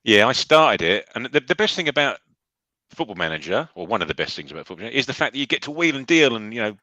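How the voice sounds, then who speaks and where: A fast-talking man co-hosting a live podcast, full of teasing banter and jokes. His voice is bright and forceful, and the sound is close and dry. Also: mid-range voice, big pitch swings, dry recording, rough recording. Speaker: podcast co-host. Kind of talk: casual live reaction chat.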